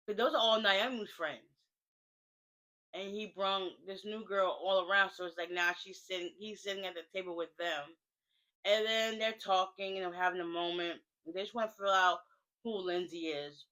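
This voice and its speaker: Bright-voiced woman doing a chatty recap. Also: fairly low pitch, steady tone, moderate pace, low-quality recording. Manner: chatty, slangy, filler-heavy storytelling. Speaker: TV recap vlogger. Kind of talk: casual spoken recap.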